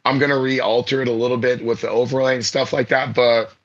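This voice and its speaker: A man's voice: medium pitch, flat delivery, a little fast. Rambling man streamer on a dull line. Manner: rambling, repeats words, laughs easily. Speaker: streamer guest. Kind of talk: casual podcast chat.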